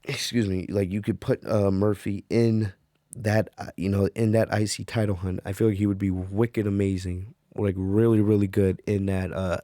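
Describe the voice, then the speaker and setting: A man's voice: fairly low pitch, little pitch movement, moderate pace, dark tone, dry recording, clean studio sound. A man hosting a wrestling review podcast, talking casually with lots of fillers and "right?" tags.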